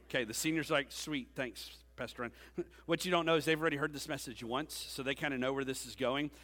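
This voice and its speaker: With a steady tone, quick pace, and medium pitch that leans fairly bright, this man in his forties preaches as a youth pastor. His sermon is conversational and peppered with jokes for the congregation, echoing with a church hall's long reverb in the sanctuary.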